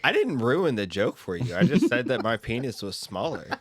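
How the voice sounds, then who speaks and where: A man in a casual comedy chat, joking and chiming in with quick reactions. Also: mid-range voice, big pitch swings, no room sound, studio quality.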